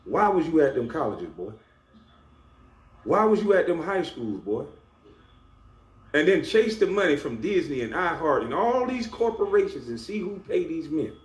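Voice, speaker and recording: A man's voice: on the high side, sing-song, normal speed. Man ranting confrontationally in an echoey room. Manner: confrontational, scolding, emphatic. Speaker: YouTuber. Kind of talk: ranting monologue to camera. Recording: echoey room with faint background hum.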